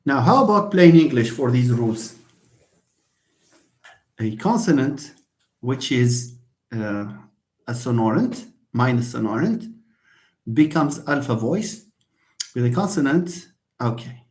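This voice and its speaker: Slow, halting male lecturer. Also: mid-range voice, animated, darkish tone, reverberant. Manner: slow, halting, thinks aloud with many restarts. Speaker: linguistics lecturer. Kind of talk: online class lecture.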